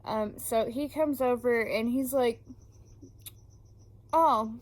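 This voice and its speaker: A woman book vlogger ranting casually about her reading, swearing often and filling pauses with ums. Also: on the high side, steady tone, a little mellow, low-quality recording.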